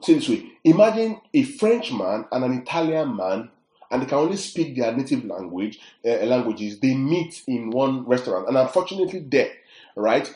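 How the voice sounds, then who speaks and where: A man's voice: medium pitch, very animated, normal speed, darkish tone. A man teaching a sermon, emphatic and often checking that his listeners follow. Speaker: preacher. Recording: echoey room.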